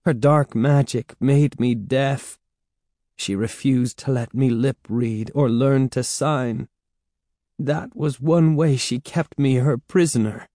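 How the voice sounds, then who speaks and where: A man's voice: medium pitch, takes it slowly, dark tone, no room sound, clean studio sound, pitched above the performer's own voice. A man reading a storybook and voicing a frightened, remorseful middle-aged woman held as a servant, who talks in a sorrowful, pleading way. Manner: pleading, sorrowful, then defiant.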